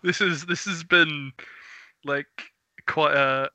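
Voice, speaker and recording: Bright, teasing man, dry close sound. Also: fairly high pitch, slow, no room sound. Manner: teasing, deadpan. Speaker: podcast co-host. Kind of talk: casual chat.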